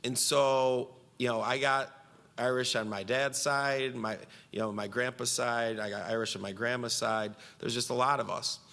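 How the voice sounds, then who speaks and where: A man's voice: mid-range voice, steady tone, moderate pace, vocal fry, sharp tone, in a large hall. A man giving a conference speech from Central New York, telling a story and quoting himself and others with animation.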